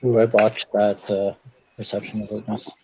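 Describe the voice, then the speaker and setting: A man's voice: on the low side, little pitch movement, moderate pace, mellow, a little hiss or hum, poor audio. A man playing in a tabletop game, talking casually with hesitant restarts. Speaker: player.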